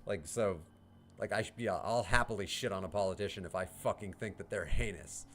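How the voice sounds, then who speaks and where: A man's voice: sits low, brisk, a bit bright, slight background noise. A man from the United States chatting on a livestream, answering chat, ranting heatedly and swearing with laughs in between. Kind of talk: casual livestream chat, reading chat.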